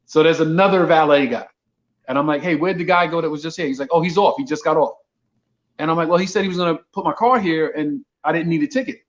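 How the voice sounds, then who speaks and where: This comedian guest, a Brooklyn native, is a fast talker with a slightly high voice, casually telling an animated story and acting out the dialogue. The audio is dull.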